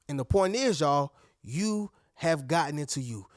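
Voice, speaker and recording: Man, high-pitched, emphatic motivational talk, addresses viewers directly, dry close recording. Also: lively intonation, normal speed, no echo. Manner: emphatic, preachy, addresses viewers as "y'all" and "family"; acts out other people's lines in a higher voice. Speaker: motivational video host.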